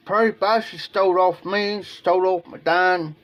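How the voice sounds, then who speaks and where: With a high, fairly bright voice and fairly even intonation, this Ohio live streamer talks at a moderate pace. His casual chat wanders emotionally and he repeats himself a lot.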